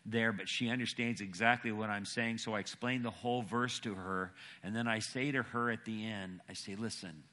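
A man's voice: lowish voice, fairly even intonation, moderate pace, hardly any pauses, pushed and bright. A man preaching a sermon and telling a story with emphatic, dramatic pacing.

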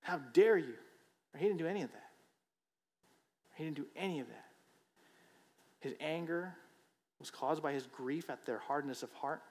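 A man's voice: on the high side, moderate pace, long pauses. A man preacher giving a sermon in a conversational, emphatic way, often checking in with "right?". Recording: long hall reverb.

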